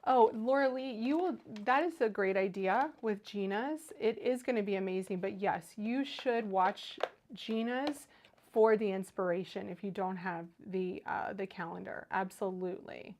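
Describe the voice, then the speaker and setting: A woman's voice: mid-range voice, normal speed, darkish tone. A woman hosting a casual craft livestream, chatty and enthusiastic as she reads viewer comments aloud.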